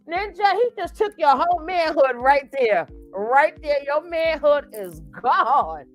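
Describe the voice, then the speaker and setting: High-voiced woman laughing through commentary. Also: unhurried, hardly any pauses, soft background music. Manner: animated, laughs often, loud outbursts. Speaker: reaction commentary host. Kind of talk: laughing reaction chat.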